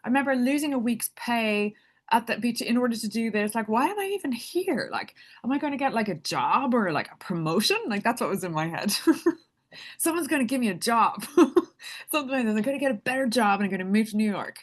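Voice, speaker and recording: A woman's voice: a little high, lively intonation, brisk. A woman telling a personal story in a casual, chatty way, laughing often and leaning on "like". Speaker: spiritual speaker.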